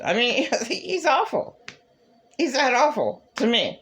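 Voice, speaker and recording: A man delivering a rambling, agitated religious monologue to camera, bitter and ranting, with sudden leaps in pitch. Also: huge pitch swings, slow pace, fairly bright tone. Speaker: vlogger.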